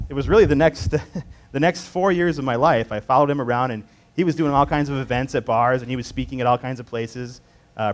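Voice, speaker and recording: A man in his thirties leading a beer tasting class, talking casually with fillers and restarts as he tells a personal story. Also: mid-range voice. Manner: conversational, rambling with fillers and restarts. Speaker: beer importer representative presenting a tasting.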